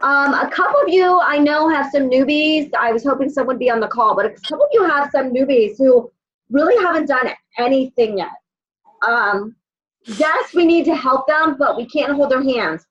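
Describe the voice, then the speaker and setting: A woman's voice: high voice, animated, normal speed, fairly bright tone, muffled recording. A woman leading a casual motivational call for her sales team, blunt and swearing as she gives tough love.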